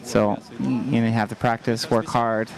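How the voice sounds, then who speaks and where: A male athlete answers post-race questions with modest, halting short phrases. A lively crowd can be heard clearly around him outdoors. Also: medium pitch. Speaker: athlete being interviewed. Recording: outdoor event with crowd behind.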